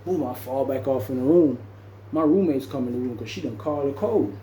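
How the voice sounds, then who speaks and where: Man, casual storytelling, acts out voices and sound effects, mellow tone, roomy echo. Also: mid-range voice, fairly quick, slight background noise. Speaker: storyteller recounting his jail time.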